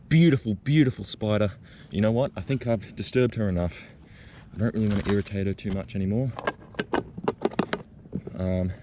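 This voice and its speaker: A man vlogging outdoors in the bush, talking gently and excitedly as he coaxes a spider out of its burrow. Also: fairly low pitch, slight background noise. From Australia. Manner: excited, gentle, coaxing, thinking aloud. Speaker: nature vlogger. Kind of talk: outdoor wildlife vlog, talking to camera. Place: outdoors in a bushland reserve.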